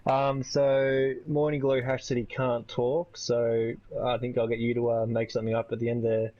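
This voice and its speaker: A man interviewing drivers after a race, relaxed, friendly and a bit rambling. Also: medium pitch, moderate pace, no echo. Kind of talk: casual post-race interview. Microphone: online voice chat. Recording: dull lo-fi voice chat.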